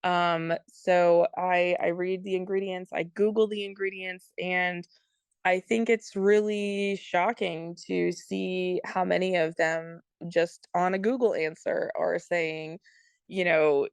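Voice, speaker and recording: A woman with a low, slightly gravelly voice that stays smooth and clear. She talks earnestly as a podcast guest, explaining at length and filling pauses with ums. The recording is dry and close. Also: fairly even intonation, no echo. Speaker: guest, product consultant. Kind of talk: casual interview talk.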